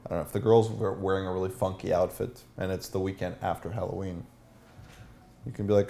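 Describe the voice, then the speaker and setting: Low mellow-voiced male dating coach. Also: level tone, fast talker, creaky. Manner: asks the room questions, acts out lines. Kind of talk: teaching a seminar.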